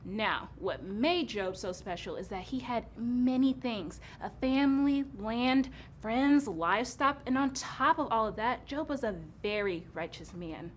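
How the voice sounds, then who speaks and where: A woman co-hosting a kids' church show, patiently telling a Bible story in a gentle, amused way. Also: on the high side, expressive, unhurried, few pauses, a little hiss or hum.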